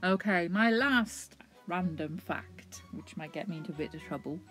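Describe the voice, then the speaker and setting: A woman's voice: lowish voice, normal speed, a bit bright, soft background music. A young woman co-hosting a casual chat, giggling often as she shares stories. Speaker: co-host.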